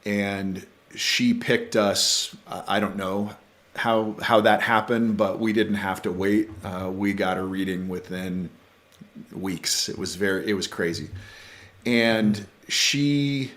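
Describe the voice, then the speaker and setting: A middle-aged man telling personal stories as a podcast guest, earnest and halting, with frequent restarts. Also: on the low side, fairly even intonation, a bit bright. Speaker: podcast guest, bereaved father. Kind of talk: conversational storytelling.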